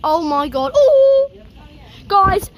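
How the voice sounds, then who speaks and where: A woman filming a thunderstorm outdoors for her vlog, gasping and crying out excitedly to viewers as rain and thunder sound around her. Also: extremely high pitch, slow, muffled recording. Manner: excitable, gasping exclamations, repeated "oh my God". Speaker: storm-chasing vlogger. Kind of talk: live storm vlog, talking to viewers. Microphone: handheld or propped camera. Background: rain, wind and thunder.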